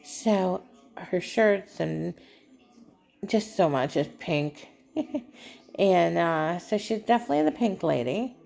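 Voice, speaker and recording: A woman speaks slowly and haltingly to her viewers, with a gravelly, creaky edge to her voice. She sounds tearful and fights to keep from crying. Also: lowish voice, animated, darkish tone. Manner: halting, emotional, trying not to cry. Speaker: vlogger. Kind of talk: personal vlog talk.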